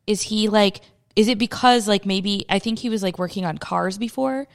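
A woman co-hosting a podcast in loose, chatty conversation. Her voice carries a gravelly, creaky edge. She laughs easily and swears freely as she talks. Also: medium pitch, normal speed. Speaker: podcast co-host. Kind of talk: casual chat recapping a movie.

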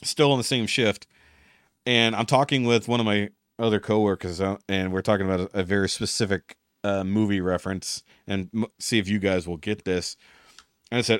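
Animated, cursing man. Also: fairly low pitch, brisk, clean tone, dry recording, clean studio sound. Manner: animated storyteller, swears freely, acts out quotes. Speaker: podcast co-host. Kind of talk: casual chat, storytelling.

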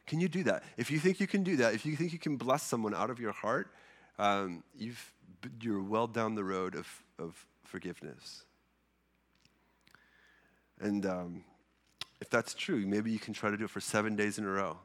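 A man's voice: lowish voice, moderate pace. A man preaching a sermon in a conversational, earnest way, often repeating and restarting his words. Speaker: pastor.

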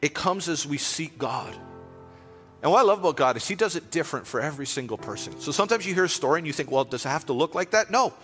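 A man preaching a sermon as pastor, impassioned and repetitive, easing into a hushed prayerful close, in a church sanctuary. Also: a little high, lively intonation, very fast, hardly any pauses, in a large hall, soft background music.

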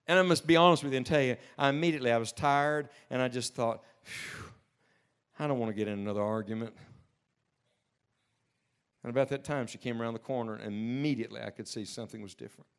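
A man preaching a sermon, telling a story earnestly, dropping to a hush and then rising to emphatic peaks. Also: medium pitch, fairly quick, pauses often, smooth. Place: church service with a live audience.

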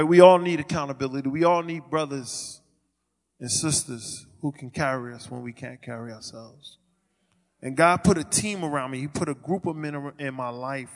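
Gravelly man preaching his testimony. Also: mid-range voice, big-room sound. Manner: stammering restarts, swings from quiet to loud. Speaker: ministry leader giving testimony. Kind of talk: sermon testimony.

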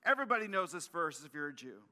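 A male pastor preaching a sermon, animated and emphatic, often repeating and restarting his phrases. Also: on the high side, quick pace, long reverb tail.

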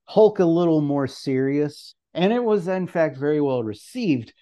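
A man's voice: a little high, expressive, unhurried, mellow. A man in casual podcast chat, rambling through a topic, swearing and laughing as he goes. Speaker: guest presenter.

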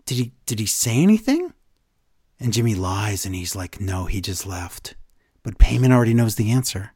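Animated man recapping wrestling. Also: on the low side, normal speed, breathy edge, no room sound, clean studio sound. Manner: animated, acts out quotes with voice changes. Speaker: podcast co-host recapping wrestling. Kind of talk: casual chat.

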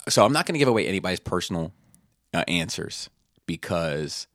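Deep-voiced rambling podcast host. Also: male voice, sing-song, a little fast, a bit bright, no echo, clean studio sound. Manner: rambling storyteller, swears freely, many fillers. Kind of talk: casual podcast chat.

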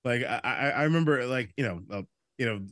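A man's voice: mid-range voice, fairly quick, no room sound, studio quality. A man co-hosting a casual movie-review podcast, telling stories with energy, doing voices and swearing freely. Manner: animated storyteller, does voices, swears freely. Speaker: podcast co-host.

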